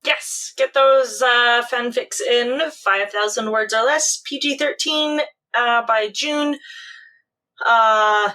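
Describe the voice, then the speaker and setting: A woman's voice: on the high side, takes it slowly, bright, forceful tone. A woman co-hosting a casual podcast, laughing and self-deprecating, with hesitant fillers. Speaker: podcast co-host.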